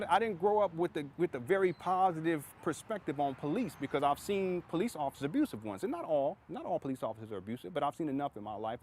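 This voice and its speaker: Rambling, fast-talking man vlogging outdoors. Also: fairly high pitch. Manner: rambling, repeats himself, conversational. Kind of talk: storytelling vlog.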